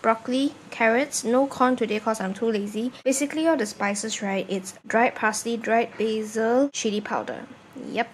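A woman's voice: on the high side, steady tone, moderate pace, few pauses, a little hiss or hum. A young woman with a Malaysian English accent, chatting expressively in a casual vlog and telling stories with lots of "like" fillers. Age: young adult. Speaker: vlogger.

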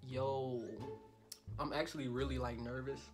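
Loud, profane young man vlogging. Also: mid-range voice, little pitch movement, a little slow, faint music behind. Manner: loud, profane and joking, swings to soft mock-romantic reading. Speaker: YouTuber. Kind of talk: casual vlog talk.

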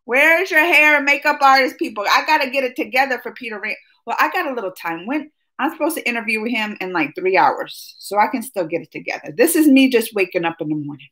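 High-voiced chatty woman livestreaming. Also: fast, hardly any pauses. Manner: chatty, excitable, laughs often, talks to her chat. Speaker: livestream host. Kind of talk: casual live chat with viewers. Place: at home, just woken up.

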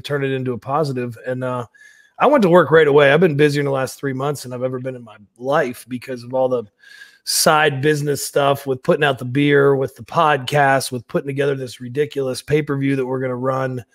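A man's voice: medium pitch, no room sound, studio quality. A man speaking as an interview guest, profane and laughing, with a confident, businesslike bravado. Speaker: guest wrestler. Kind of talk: casual interview chat.

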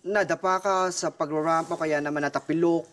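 A man's voice: a little high, fairly even intonation, brisk, a bit bright, a little hiss or hum, natural voice. A man playing a flamboyant talk-show host in a comedy sketch, speaking with a Filipino accent in a playful, hammy way. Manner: playful, hammy, switches between English and Tagalog. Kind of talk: comedic mock interview.

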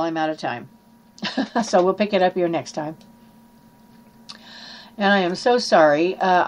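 A woman's voice: medium pitch, darkish tone, a little hiss or hum. Earnest woman preaching a sermon. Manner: earnest, teaching, reads scripture aloud with small slips.

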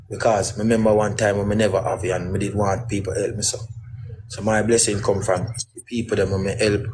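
A man's voice: fairly low pitch, a little mellow, a little hiss or hum, low-quality recording. A middle-aged man, guest in a casual interview, talking in rambling, emphatic patois.

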